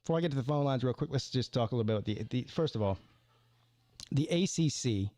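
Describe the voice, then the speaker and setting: A man's voice: medium pitch, expressive, fast talker, mellow, no echo. A man hosting a live sports call-in stream, rambling casually with stammered restarts and repeated words.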